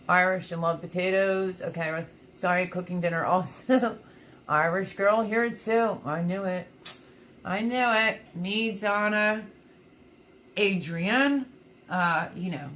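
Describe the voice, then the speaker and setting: A woman's voice: lowish voice, a bit bright, a little hiss or hum. A woman hosting a casual livestream, chatting in an upbeat, rambling way and reading out viewer comments. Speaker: livestream host.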